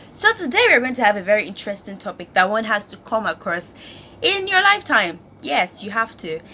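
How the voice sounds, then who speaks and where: Bright-voiced expressive woman vlogger. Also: mid-range voice, slight background noise. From Nigeria. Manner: expressive, emphatic, preachy rhetorical questions. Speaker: host. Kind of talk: motivational vlog talk.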